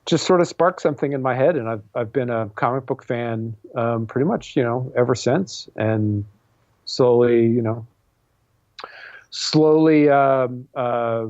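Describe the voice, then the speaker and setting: A man's voice: medium pitch, normal speed, few pauses, a little mellow, no room sound, dull audio. A man in his forties, a comic book artist and writer guesting on an interview show, talking casually with many fillers and restarts. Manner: rambling, self-deprecating, many fillers and restarts.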